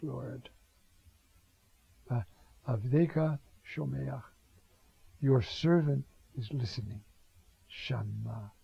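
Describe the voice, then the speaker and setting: Gravelly older priest, slow and husky. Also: male voice, mid-range voice, dry recording. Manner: conversational, repeats "you see", quotes Hebrew words. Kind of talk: homily on scripture. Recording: dull lo-fi recording.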